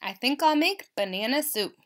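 A woman's voice: sits high, lively intonation, normal speed. A woman doing a cheerful neighbor man. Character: friendly adult man neighbor.

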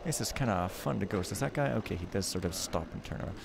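A man's voice: deep voice, animated, fast talker, gravelly, noisy background. A man giving casual, joking, rambling commentary while playing a stealth game, mocking himself as he goes. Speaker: let's play commentator.

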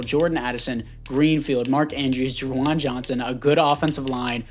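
A man talks through a football video game in an easy, chatty way. He thinks out loud and trips over names, then fixes them on the fly. His voice sits at a middle pitch, with faint music playing under it. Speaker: gaming YouTuber. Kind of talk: casual game commentary.

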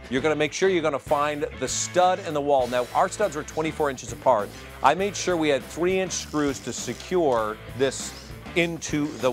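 A middle-aged man from Iowa, co-hosting a studio lifestyle show and explaining a DIY project in a relaxed, folksy way. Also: medium pitch. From Iowa, United States. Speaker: show co-host doing a DIY segment. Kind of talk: casual studio chat and how-to demonstration.

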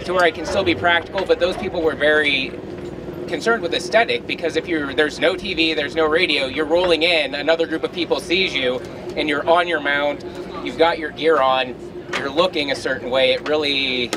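A man at a workshop who earnestly describes his costume concept and sometimes pauses to find the right word. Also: fairly high pitch. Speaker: workshop participant. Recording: distant mic with outdoor noise.

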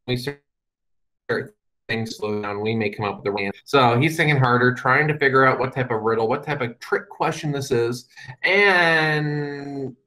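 This man, a guest speaker, presents stories to an audience with dry asides and wry humor, laying out his points plainly. His medium-pitched voice has a sharp tone and a moderate pace, captured on a rough recording.

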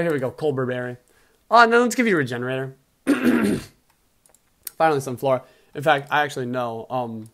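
A young man, the host, giving casual game commentary, excitable and swinging from mumbling to loud outbursts. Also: mid-range voice. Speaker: video host and league player.

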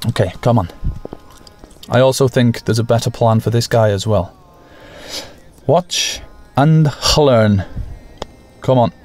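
A man hosting a gaming channel, giving casual, jokey, self-mocking commentary over his play with sudden excited bursts. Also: medium pitch, moderate pace.

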